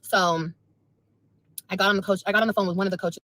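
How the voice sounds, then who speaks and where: A woman's voice: mid-range voice, fairly even intonation, quick pace, over music. A woman venting on a livestream, repeating herself in a frustrated, emotional rant. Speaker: mother speaking on a livestream.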